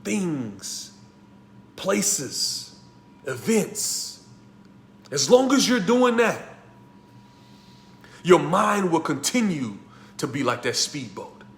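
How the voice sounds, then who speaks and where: A man teaching a motivational masterclass, emphatic and repetitive, dropping to near-whispers and rising to loud bursts. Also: a little high, very animated, very slow, long pauses, roomy sound, slight background noise. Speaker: life coach teaching a masterclass. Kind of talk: motivational class talk.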